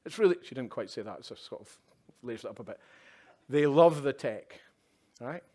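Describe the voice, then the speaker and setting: A man's voice: mid-range voice, lively intonation, moderate pace, darkish tone, breathy edge. A man giving a conference keynote from a live event stage, speaking conversationally with tag questions and wry asides.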